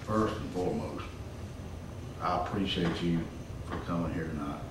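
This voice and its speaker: A man, a council member answering calmly and reassuringly at a meeting. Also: low voice. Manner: calm, reassuring, deliberate. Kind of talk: measured reply at council meeting. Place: council chamber. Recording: echoey room from far off with faint noise.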